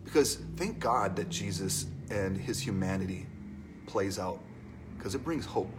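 A man preaching a conversational sermon in an animated, storytelling way, asking the congregation questions. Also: sits low, a little slow, music in the background.

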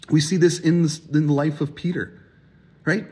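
Male pastor, very husky voice, animated sermon delivery with acted-out quotes. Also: fairly high pitch, normal speed. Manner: animated, acts out voices in quotes, rising emphasis.

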